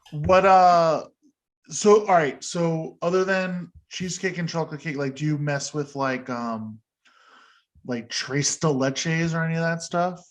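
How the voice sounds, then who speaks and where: A man's voice: on the high side, measured pace. A man hosting a podcast in casual chat, rambling and self-deprecating, laughing often. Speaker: podcast host.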